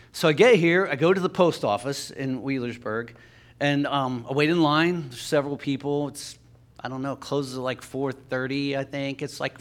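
A man with a Southern Ohio accent preaching a sermon in a church, telling a personal story and swinging from soft asides to loud emphasis. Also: fairly high pitch. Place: church sanctuary.

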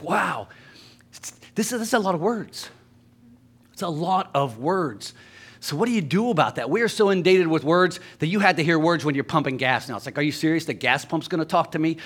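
A pastor preaching a sermon in a church, talking to the congregation conversationally and telling jokey stories. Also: male voice, fairly high pitch, fairly bright tone. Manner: conversational, joking storytelling.

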